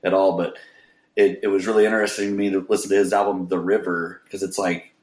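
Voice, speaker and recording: Male musician guest from Kansas, lowish voice, enthusiastic, roomy video-call sound. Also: little pitch movement, quick pace, darkish tone. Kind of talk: casual interview chat.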